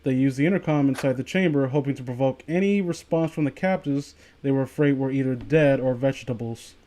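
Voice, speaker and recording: Reading a horror story aloud to friends, a man keeps stumbling over words and restarting, breaking off often to joke and laugh. His medium-pitched voice is warm, and he talks a little fast.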